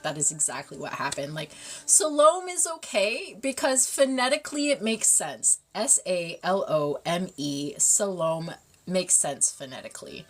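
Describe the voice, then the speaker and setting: A woman's voice: low-pitched, sing-song, unhurried, soft background music. A woman hosting a casual livestream, bubbly and giggly, slipping between English and French as she answers chat. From Canada. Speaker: livestream host reading chat.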